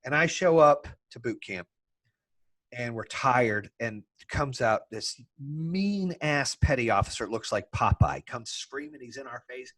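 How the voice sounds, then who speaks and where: A man hosting a podcast, telling a story in a casual, animated way, swearing freely and laughing as he talks. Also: mid-range voice, a little slow. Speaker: podcast host.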